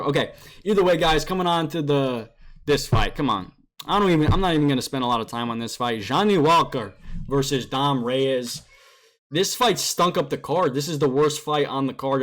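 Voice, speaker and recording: A young man giving a casual, emotional recap of fight night as a vlogger, repeating himself and using slang. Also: medium pitch. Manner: animated, emotional, repeats phrases, uses slang like bro and dude. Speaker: MMA YouTuber recapping fights.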